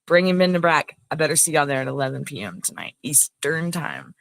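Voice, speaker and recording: A woman's voice: rumbling low, animated, a little fast, gravelly, no room sound. Lady rambling to her live chat, dry close sound, talks right at the viewers. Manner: chatty, rambling, addresses viewers as y'all. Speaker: talk show host. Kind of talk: casual livestream sign-off.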